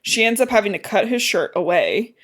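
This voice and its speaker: A woman podcast co-host with a mid-range, expressive voice talks a little fast as she casually recaps a novel's plot. She swears and laughs while acting out the characters' lines.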